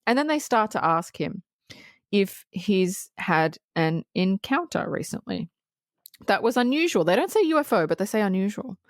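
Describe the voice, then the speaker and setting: A woman co-hosting a podcast, chatting casually about a film, animated and swearing freely with laughs between remarks. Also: medium pitch, moderate pace, no room sound, clean studio sound. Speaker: podcast co-host. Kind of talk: casual film review chat.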